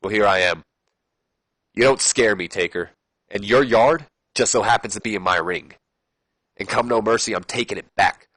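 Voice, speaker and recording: A sneering, cocky wrestling champion, as a man puts him on threatens his challenger. The voice is lowish and dry, pressing each line with quiet menace. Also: moderate pace, long pauses, no room sound. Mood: menacing.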